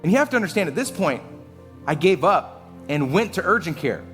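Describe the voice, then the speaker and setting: Animated male pastor telling a story. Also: high voice, a little fast, faint music behind. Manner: animated, self-mocking humor with frequent chuckles. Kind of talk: storytelling sermon. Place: church service.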